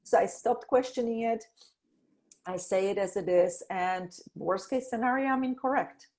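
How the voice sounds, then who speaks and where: A middle-aged woman talking as a podcast guest about energy and intuition, animated, laughing often and acting out the voices she quotes. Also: medium pitch. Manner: slows to a soft guiding tone in exercises. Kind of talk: conversational interview.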